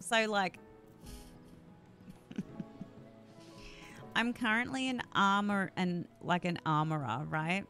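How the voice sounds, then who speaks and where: A woman's voice: mid-range voice, takes it slowly, pauses often, bright, forceful tone, faint music behind. Sweary woman live-streaming a game. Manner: swears freely, grumbling frustration. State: voice sore. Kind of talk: casual live-stream chat while gaming.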